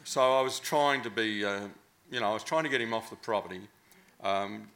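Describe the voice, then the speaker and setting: A man's voice: fairly low pitch, brisk, a bit bright. An Australian man telling a long, casual anecdote, rambling and hesitant with many fillers.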